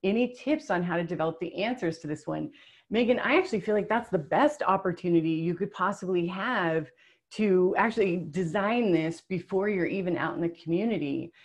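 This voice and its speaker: A woman hosting an online workshop over a video call, reading out what participants wrote. Her voice sits a bit low, and she talks in an upbeat, emotional, chatty way with plenty of fillers. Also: fairly quick. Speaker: webinar presenter.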